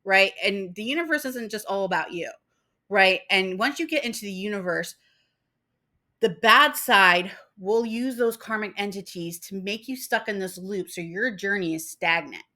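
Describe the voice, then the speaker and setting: A young spiritual vlogger rants casually to camera about spiritual ideas in a bright, forceful, mid-range voice at normal speed. She gets fired up, swears a lot and acts out other people's voices.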